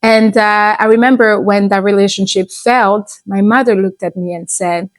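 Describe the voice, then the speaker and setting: A woman in her thirties talking to camera about lifestyle, relaxed and chatty, often restarting her sentences. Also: mid-range voice, normal speed, hardly any pauses, no room sound. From abroad, moved to the US at fifteen. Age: 30s. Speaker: lifestyle vlogger. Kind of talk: casual advice talk to camera.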